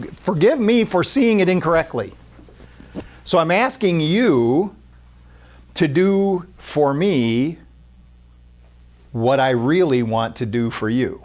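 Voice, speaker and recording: A man's voice: a little high, very animated, measured pace. A man preaching an earnest spiritual talk, restarting his phrases often and acting out what people say to themselves. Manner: earnest, repetitive, with many restarts and acted-out quotes. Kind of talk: spiritual sermon.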